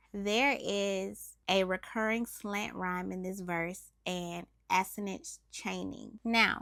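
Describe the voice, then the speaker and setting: A woman talks through a scripted lyric breakdown as the host, explaining rhythm and rhyme step by step. Her delivery is methodical and measured, pausing to define terms. The recording is dry, with no room sound. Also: mid-range voice, no echo. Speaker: host of a music analysis show.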